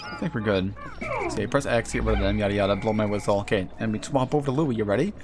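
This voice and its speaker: A man's voice: fairly low pitch, quick pace, over music. A man casually commentating on a game as he plays, joking, swearing and laughing often. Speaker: streamer.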